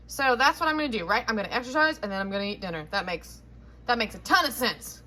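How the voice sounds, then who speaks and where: Chatty bright-voiced woman cooking at home. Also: a little high, lively intonation, fast talker. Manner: chatty, rambling, self-correcting. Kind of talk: casual chat while cooking. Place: home kitchen. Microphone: handheld phone camera.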